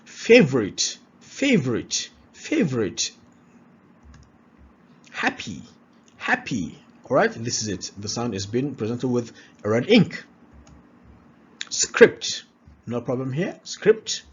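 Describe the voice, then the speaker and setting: A husky-voiced man leads a slow pronunciation lesson, saying each example word again and again. His pitch rises and falls a lot as he drills, and the recording sounds dull and lo-fi. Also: big pitch swings. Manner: repeats words slowly, checks in with "all right?". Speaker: pronunciation teacher.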